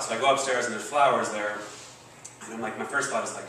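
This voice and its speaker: A man's voice: lowish voice, steady tone, quick pace, bright, forceful tone. A man in his forties telling a rambling, profane, self-deprecating story on stage in front of a live audience. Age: 40s. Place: stage in a comedy venue. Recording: roomy, distant live venue recording. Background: audience laughter.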